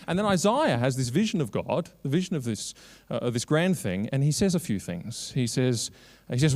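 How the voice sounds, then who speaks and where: Emphatic male keynote preacher, mid-range voice, climbs to urgent peaks and drops to quiet asides. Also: sing-song, moderate pace. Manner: emphatic, swinging between raised urgent lines and low quiet asides; quotes scripture and builds long repeated lists. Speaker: Christian lobby director giving a keynote.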